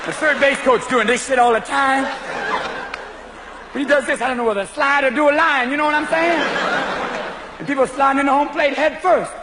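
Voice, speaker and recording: A man doing a fast-switching stand-up comedy routine on a club stage, often shouting his bits. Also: extremely high pitch, a crowd in the background. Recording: live club recording with loud audience and noise. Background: audience laughter.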